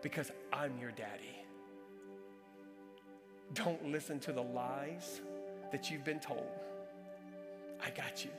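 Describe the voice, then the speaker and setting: A man putting on God's hushed, tender voice. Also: mid-range voice, pitched below the performer's own voice, close to an everyday voice. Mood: tender reassuring. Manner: hushed and slow. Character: God, a calm, tender fatherly male voice. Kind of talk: sermon storytelling. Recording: echoey hall with soft music.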